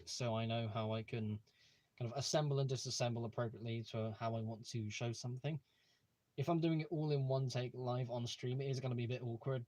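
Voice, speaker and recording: A young man hosts a casual livestream at home, his mid-range voice darkish in tone and free of echo. He talks with eager enthusiasm, wandering off track with frequent fillers and restarts.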